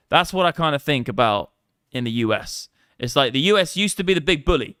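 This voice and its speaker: A man talks through a live crypto trading stream in a loose, rambling way, with plenty of swearing. His voice is smooth and resonant. It sounds close and dry, with no room echo. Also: medium pitch, a bit bright. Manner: rambling, profane, casual.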